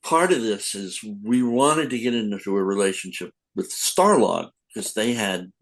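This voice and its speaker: A man's voice: lowish voice, animated, a little slow, poor audio. An older man, a comic book editor, telling rambling anecdotes in a casual podcast interview, acting out quotes.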